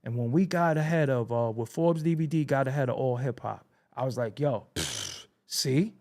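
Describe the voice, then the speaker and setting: A man's voice: medium pitch, brisk. A man with a New York accent hosting a podcast, telling a story in a casual monologue and acting out the dialogue with plenty of swearing. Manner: animated, acts out quoted dialogue, swears freely. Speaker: podcast host.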